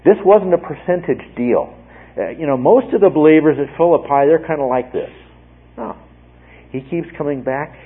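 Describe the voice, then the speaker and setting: A man's voice: fairly high pitch, animated, moderate pace. Man teaching scripture over a tinny line. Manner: emphatic, repeats phrases, frequent "okay?" check-ins. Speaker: Bible teacher. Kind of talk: verse-by-verse Bible teaching. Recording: tinny phone-like radio broadcast, husky.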